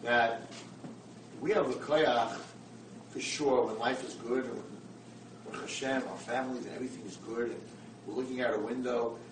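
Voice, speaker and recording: A man giving a sermon-style lecture, telling a story in an animated, emphatic way. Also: medium pitch, moderate pace. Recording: roomy, far from mic, background noise.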